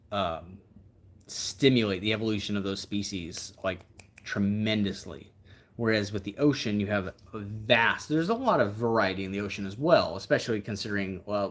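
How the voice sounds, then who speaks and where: Livestream host: a man with a lowish voice, relaxed and rambling, reflective. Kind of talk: casual livestream chat.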